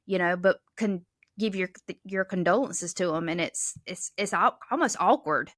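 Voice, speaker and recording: A woman working as an emergency dispatcher, speaking candidly and earnestly in a podcast interview, sometimes halting as she recounts hard calls. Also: on the low side, a bit bright, no room sound, studio quality. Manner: earnest, speaks haltingly about emotional work. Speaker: 911 dispatcher guest.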